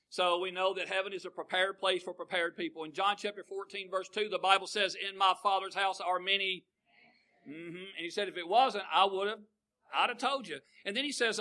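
An older man preaches in a folksy, conversational way and calls out for answers from the pews. His voice sits high for a man and rings with a sharp, bright edge. He swings from booming declarations down to hushed asides. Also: low-quality recording. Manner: folksy, call-and-response with the congregation, swings between booming and hushed. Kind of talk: sermon.

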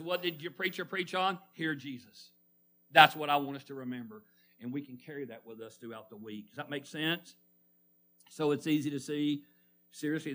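Preacher, male, high and very bright voice; call-and-response sermon, slows on key words. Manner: call-and-response with the congregation, asking them to fill in words. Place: church.

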